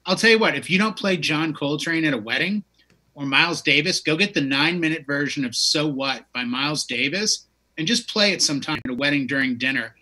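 A man's voice: fairly high pitch, expressive, fairly quick, bright, forceful tone, slightly rough. A man in his fifties, a DJ hosting a casual music chat, who talks with enthusiasm and wanders off into long stories. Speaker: DJ and show host.

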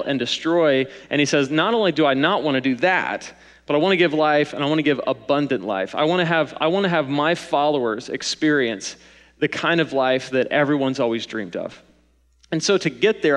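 A young man gives a sermon in a conversational, lively way, slipping into little acted asides. His voice sits a touch high. It rings out with the long reverb of a large hall. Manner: conversational, animated asides, sings and mimics while preaching. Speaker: pastor.

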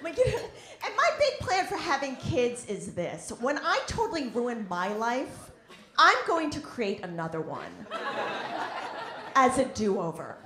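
A woman's voice: fairly high pitch, wildly swooping pitch, a little slow, pushed and bright. A woman performing a stand-up routine in a comedy club, with a wry, self-deprecating delivery. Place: comedy club in New York. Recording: roomy club recording with audience noise.

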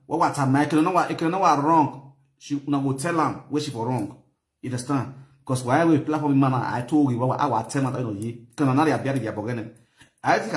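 A man with a Nigerian accent hosting a casual online show, chatty and often checking that his listeners follow him. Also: medium pitch. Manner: chatty, keeps asking "you understand?", laughs often. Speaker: YouTube host. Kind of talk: casual live commentary. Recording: echoey room.

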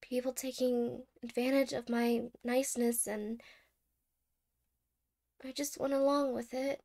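A woman's voice: on the high side, flat delivery, measured pace. A woman playing a clingy, stammering girlfriend, whispered role-play. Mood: anxious, teary. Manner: soft-spoken, stammering, apologetic. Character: clingy anxious young woman, a doting girlfriend. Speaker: ASMR role-play creator.

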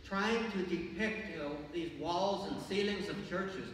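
A man's voice: high voice, a little slow. Brief: older male preacher, conversational storyteller, distant mic in a reverberant church with faint hiss. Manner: conversational, storytelling, gently humorous. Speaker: priest. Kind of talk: sermon. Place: large church. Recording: echoey church from far off.

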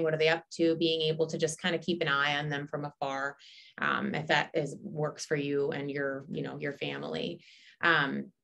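A woman's voice: low-pitched, a bit bright. A woman presenting an educational webinar, explaining at length with frequent ums and restarts.

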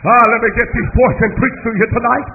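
High-pitched shouting preacher, tinny sound. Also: male voice, steady tone, quick pace, soft background music. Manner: rhythmic chanting cadence with shouted cries and whoops; drops to low murmurs between shouted runs. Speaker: minister. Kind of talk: fiery holiness sermon. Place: church service with congregation. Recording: tinny phone-like sound with faint noise.

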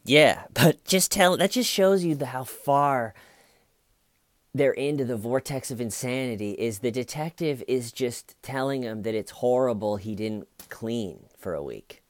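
A man's voice: mid-range voice, lively intonation, unhurried, dry recording. A man casually commenting on a true crime case in a chatty, sarcastic, rambling way.

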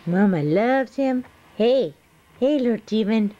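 A mother coos to her baby in drawn-out, sing-song baby talk, her voice high yet mellow. The sound is dull and lo-fi, like an old camcorder tape. She talks slowly and playfully. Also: animated, creaky, a little hiss or hum. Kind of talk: home video baby talk. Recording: dull lo-fi home video.

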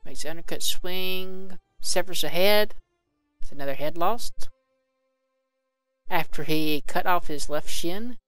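A man's voice: sits high, slow, long pauses, fairly bright tone, no echo, soft background music, rough recording. A man commentating a video game, reading its combat log aloud and adding casual remarks. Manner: reads game text aloud with casual asides. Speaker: let's play commentator.

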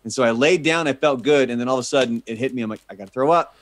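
A man co-hosting a podcast, telling a story in an animated way and laughing as he goes. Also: mid-range voice, very fast, no echo. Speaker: podcast co-host. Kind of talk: casual storytelling chat.

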